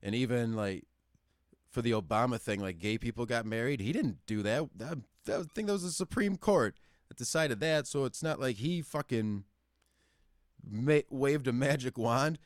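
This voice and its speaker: A man in his thirties rants freely as host of a call-in show, swearing through nearly every sentence. His voice sits at an ordinary middle pitch, close and dry with no room sound behind it. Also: normal speed, no room sound. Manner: profane, ranting, animated. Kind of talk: casual rant. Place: lives in the Upper Midwest.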